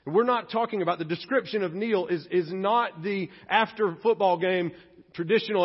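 A man's voice: high voice, normal speed, husky. A pastor preaching a sermon, earnest and emphatic, who often acts out the people he quotes. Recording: long reverb, dull lo-fi sound.

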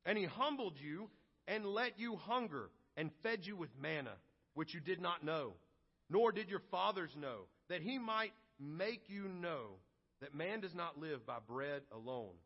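A man with a high-pitched voice preaches a sermon, lively and theatrical as he acts out grumbling complainers. The recording is dull and lo-fi, with a long hall reverb trailing his words. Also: unhurried, husky. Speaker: pastor.

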